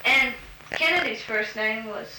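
A woman's voice: on the high side, a little slow, sharp tone. A woman interviewer asking prompt questions patiently, with frequent ums. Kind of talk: structured question-and-answer interview. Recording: roomy recording with background hiss.

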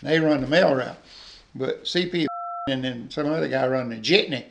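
An older man with a Southern Georgia accent spins rambling, folksy stories in an oral history interview. His voice is heavily gravelly and sits at an ordinary male pitch. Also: moderate pace. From north Georgia.

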